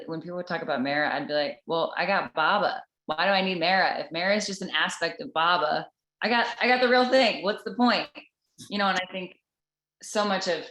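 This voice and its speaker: Woman with a low voice sharing a heartfelt personal story with a group, halting, recorded in an echoey room. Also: a bit bright. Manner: earnest and halting, with many restarts. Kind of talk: personal spiritual testimony. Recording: roomy echoing room.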